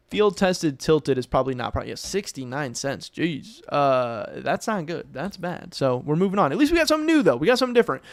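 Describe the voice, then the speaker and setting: A young man with a fairly high voice, streaming live and chatting loosely to his viewers. He muses aloud and corrects himself as he goes. The sound is close and dry, with no room around it. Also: no room sound. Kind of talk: casual live-stream commentary.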